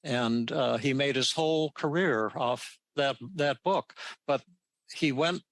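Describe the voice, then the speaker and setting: An older man hosting a podcast, telling a story casually and haltingly, with many restarts and repeated words. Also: mid-range voice, no room sound. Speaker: podcast host answering listener questions.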